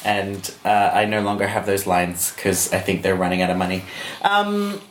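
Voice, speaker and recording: A man's voice: low voice, expressive, normal speed. A man with an Australian accent co-hosting a casual comedy podcast, teasing and laughing often. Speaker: podcast co-host. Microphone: podcast microphone. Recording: echoey room with faint noise.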